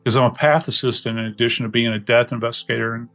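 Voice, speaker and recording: A middle-aged man from New Orleans with a Southern US accent, a podcast guest telling reflective stories in an unhurried, folksy way. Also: medium pitch, flat delivery, fairly bright tone, faint music behind. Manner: unhurried, folksy, many "you know" asides. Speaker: podcast guest, death investigator. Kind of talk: reflective storytelling conversation.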